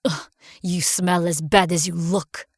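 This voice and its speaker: A woman's voice: fairly low pitch, fairly even intonation, a little slow, slightly rough, dry recording, studio quality, pitched below the performer's own voice. A woman voicing a hostile young male bully in a horror story, sneering and threatening.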